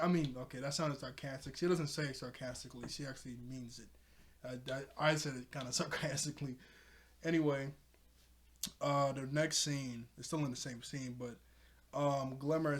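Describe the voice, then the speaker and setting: A man's voice: mid-range voice, fairly even intonation, fairly quick. A man giving a casual, chatty episode recap, filling his talk with "like" and laughing often. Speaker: TV episode reviewer.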